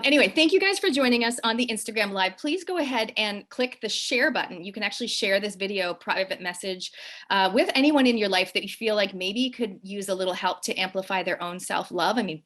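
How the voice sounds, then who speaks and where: Canadian woman host in her late 40s, brisk and chatty, medium pitch, video-call sound. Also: a bit bright. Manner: upbeat, chatty, quick. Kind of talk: casual livestream interview.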